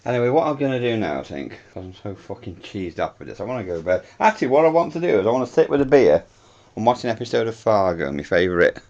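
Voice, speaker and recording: Low, deep-voiced British man running a home experiment on camera, chatty, swears a lot. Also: sing-song, fast, darkish tone, dull audio. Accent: British English. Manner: chatty, thinks aloud, swears freely. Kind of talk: talking through a home experiment.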